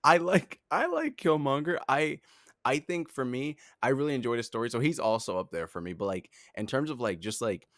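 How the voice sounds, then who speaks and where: A man's voice: medium pitch, very animated, brisk, a bit bright, dry recording. Young man, casual podcast chat, rambling, laughing, lots of fillers, dry close recording. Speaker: podcast co-host, head of talent.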